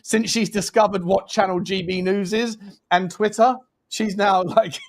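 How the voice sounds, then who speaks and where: Young man, slightly high voice, casual live-stream chat, laughs often. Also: fairly even intonation, unhurried. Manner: chatty, lots of fillers and restarts, laughs often. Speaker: co-host.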